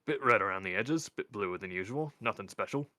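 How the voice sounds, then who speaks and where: A man voicing a cranky old male wizard servant who talks gruff and defensive, reading a story aloud. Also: fairly low pitch, lively intonation, fairly quick, bright, forceful tone, no echo.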